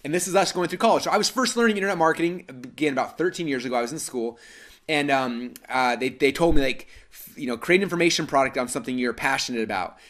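A man's voice: medium pitch, quick pace, a bit bright. A man in his thirties from Idaho hosting a live webinar, telling a story with lots of fillers and restarts. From Idaho, United States. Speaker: webinar host.

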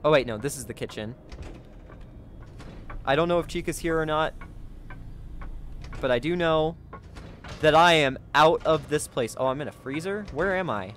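A man giving let's play commentary as a gaming video creator, excitable, gasping and chatting to his viewers. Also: fairly high pitch, normal speed, long pauses, a little hiss or hum.

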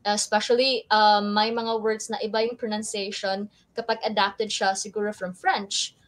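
A woman's voice: mid-range voice, level tone, moderate pace. A woman with a Filipino accent co-hosting a lesson, explaining things in a friendly way and reading viewer comments. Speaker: teacher co-host. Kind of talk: taglish lesson discussion.

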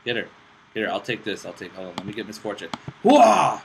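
A young man hosting casual gameplay commentary, excitable and self-mocking, swearing often while playing on a laptop with friends nearby. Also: on the low side, a little fast, vocal fry. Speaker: gaming channel host. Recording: steady background noise with mouse clicks.

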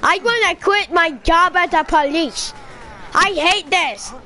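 Young girl gaming and goofing around, super high voice, drags her words out slow. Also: slight background noise. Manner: playful, bossy, shouty outbursts. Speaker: gamer playing with a friend. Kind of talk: playful role-play while gaming.

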